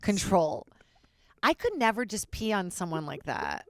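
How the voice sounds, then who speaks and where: A woman's voice: medium pitch, very animated, unhurried, no room sound. A woman comedian chatting as a podcast guest, candid and rambling, joking frankly. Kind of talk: casual podcast chat.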